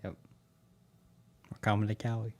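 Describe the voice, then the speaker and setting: A man's voice: fairly low pitch, flat delivery, moderate pace, dark tone. A man co-hosting a stream, giving brief agreeing replies and reading out viewer comments in an easygoing way. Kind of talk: casual stream chat.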